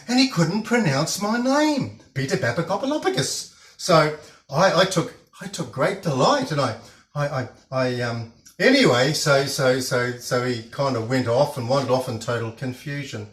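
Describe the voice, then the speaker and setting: A man tells a rambling story while he cooks, full of hesitations and restarts. His voice sits at a middle pitch and rings around an echoey home kitchen. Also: animated, normal speed, fairly bright tone. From New Zealand. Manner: chatty, hesitant, many fillers and restarts. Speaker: cooking show host.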